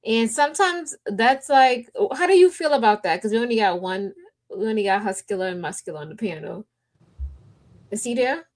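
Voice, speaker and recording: A woman's voice: a little high, expressive, normal speed. A woman on a talk panel speaking bluntly in slang and putting questions to the others. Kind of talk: casual panel chat.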